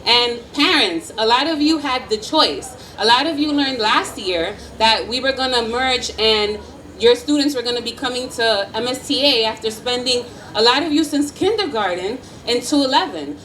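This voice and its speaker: Woman, high voice, school principal, emotional ceremony speech, encouraging, distant mic, faint background noise. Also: expressive, normal speed, bright, forceful tone. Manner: heartfelt, emotional and encouraging, laughs often.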